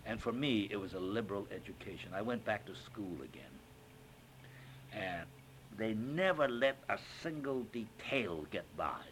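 An older man with a low voice tells a theatre story in an interview. He is animated and acts out the lines he quotes, with plenty of "uh" and "you know" along the way. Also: normal speed, slight background noise. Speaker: interviewee, stage actor. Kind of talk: reminiscing anecdote in an interview.

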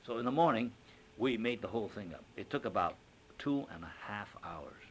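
An older man and stage actor, recounting an anecdote in an interview as an animated storyteller who acts out quotes with frequent fillers. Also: lowish voice, a little fast, a little hiss or hum.

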